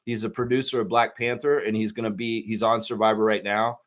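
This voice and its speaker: A man hosting a live sports stream, talking in a rambling, excitable way and laughing often. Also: lowish voice, fairly quick. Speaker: podcast host. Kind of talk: casual live-stream chat.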